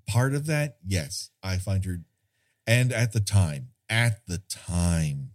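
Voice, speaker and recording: A man with a lowish voice talks through a movie in a slow, unhurried way. He rambles and corrects himself, pokes fun at himself and laughs easily, like a podcast co-host chatting with a friend. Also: lively intonation. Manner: rambling, self-deprecating, laughs often. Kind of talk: casual film discussion.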